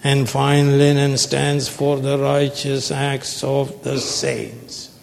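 A man preaching a sermon, slow and emphatic, prompting his listeners with call-and-response questions. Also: medium pitch, completely flat delivery, gravelly, a little mellow, a little hiss or hum. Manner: call-and-response, prompting the audience with "what, sir?"; slow, emphatic, stretches key words. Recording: long hall reverb.

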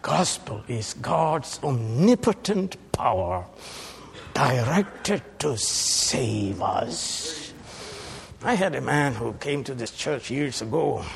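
Gravelly preacher with dramatic swings. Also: male voice, mid-range voice. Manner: dramatic swings from hushed to shouting. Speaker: pastor. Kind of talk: sermon.

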